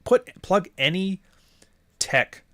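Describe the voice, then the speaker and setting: A man's voice: sits high, lively intonation, takes it slowly, pushed and bright, dry recording. A man from the Pacific Northwest hosting a livestream, reading super chats and rambling off on tangents, with plenty of swearing. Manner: rambling, goes off on tangents, profane. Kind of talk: casual livestream talk.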